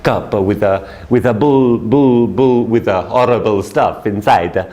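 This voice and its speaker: A man's voice: lowish voice, dark tone, lightly acted. A man putting on a cheery businessman. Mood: insistent. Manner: halting, with broken grammar and repeated starts. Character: small, amused Italian businessman around fifty.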